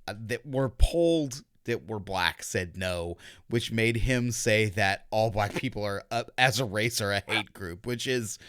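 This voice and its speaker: A man co-hosts a casual podcast, his voice sitting a little low with a clean, smooth tone. The sound is close and dry with no room around it. He rambles, swears freely and drips with sarcasm. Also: a bit bright, no echo. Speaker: podcast co-host. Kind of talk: casual chat.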